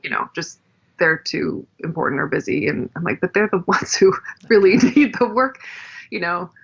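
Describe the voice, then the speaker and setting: A woman's voice: lowish voice, moderate pace, creaky, husky, muffled recording. A woman, an actress and dialect coach, chatting casually as a podcast guest and acting out dialect sounds. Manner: animated, demonstrates dialect sounds, laughs often.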